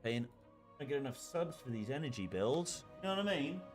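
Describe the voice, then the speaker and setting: A man's voice: medium pitch, very animated, a little fast, over music. A man streaming a game, chatting casually and muttering to himself as he picks options. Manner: rambling, mutters to himself while picking options. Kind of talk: casual gameplay chat.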